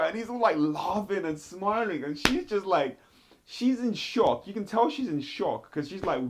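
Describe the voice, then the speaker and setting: A man giving blunt, animated commentary on a TV show, with sudden jumps in pitch as he talks straight at the people he reviews. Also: normal speed. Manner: blunt, addresses people directly. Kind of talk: casual commentary video.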